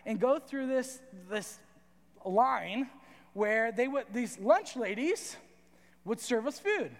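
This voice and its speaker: A young man preaching to a youth audience, telling a story in a lively, conversational way and often checking in with "right?". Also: very high voice, slow. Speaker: youth pastor. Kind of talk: sermon with storytelling. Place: large hall with audience. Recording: reverberant hall.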